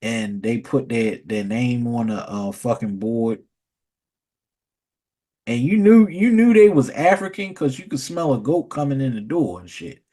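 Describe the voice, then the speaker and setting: A man's voice: mid-range voice, expressive, a little slow, warm tone. Rambling, profane man telling stories. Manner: rambling, profane, repeats words. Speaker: vlogger. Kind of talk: casual storytelling rant.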